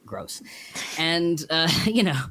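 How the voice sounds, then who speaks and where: A man, a podcast guest, talking in a casual, animated, emotional way about a story. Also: fairly high pitch, takes it slowly. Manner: animated, emotional retelling with acted quotes.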